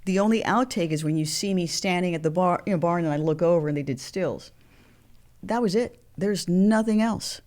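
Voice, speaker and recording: A woman in her sixties, a guest actress, telling animated stories and acting out the voices of people in them. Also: on the low side, normal speed. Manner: animated storyteller, acts out quoted voices. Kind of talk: storytelling interview.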